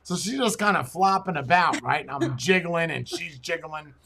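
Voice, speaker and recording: Bright-voiced man telling crude stories. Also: on the high side, moderate pace, vocal fry, a little hiss or hum. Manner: rambling, crude, animated storyteller. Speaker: podcast host. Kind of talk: casual chat and storytelling.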